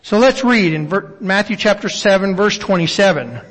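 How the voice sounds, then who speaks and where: Male pastor, high voice, reflective sermon delivery, reverberant hall. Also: expressive, normal speed, a bit bright. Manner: reflective, asks rhetorical questions; reads scripture aloud at length. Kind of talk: sermon with scripture reading.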